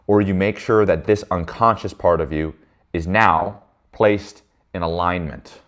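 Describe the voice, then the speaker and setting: A man's voice: deep voice, steady tone, a little slow, fairly bright tone. A man leading a men's group in a casual motivational talk, blunt and emphatic, swearing freely and checking in with listeners. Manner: addresses listeners with frequent "right?" tags.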